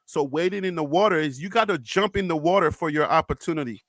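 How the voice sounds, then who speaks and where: Impassioned high-voiced man hosting a livestream. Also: quick pace, fairly bright tone, no room sound, clean studio sound. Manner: impassioned, repeats himself, preacher-like cadence. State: emotional. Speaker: livestream host. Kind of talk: emotional livestream talk.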